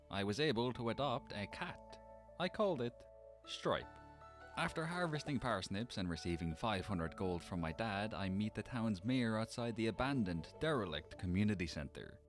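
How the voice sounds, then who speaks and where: A man's voice: lowish voice, expressive, normal speed, faint music behind. A man reading a scripted gameplay narration with a wry, dry sense of humor.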